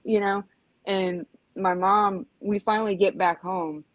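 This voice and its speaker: A woman's voice: medium pitch, steady tone, measured pace, dry recording, narrow, tinny audio. A woman in her forties telling a rambling story in casual chat, full of "you know" and "like", acting out yelps. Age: 40s. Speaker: podcast host.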